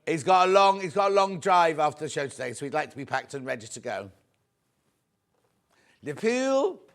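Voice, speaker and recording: Very animated and speaking at normal speed, this man sells on a live shopping channel in a voice a bit high for a man. He chats brightly, calls out viewers by name, and keeps urging purchases before items sell out.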